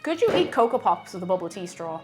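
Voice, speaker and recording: A woman's voice: on the low side, big pitch swings, quick pace, a little mellow, faint music behind. A young Irish woman chatting casually on a cooking live stream in her home kitchen, reading out viewer comments with playful asides.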